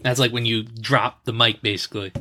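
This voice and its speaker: A man in his thirties co-hosting a casual podcast, laid-back and teasing, quick to laugh, close to the mic. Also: mid-range voice, level tone, bright, forceful tone, a little hiss or hum. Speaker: podcast co-host guessing slang.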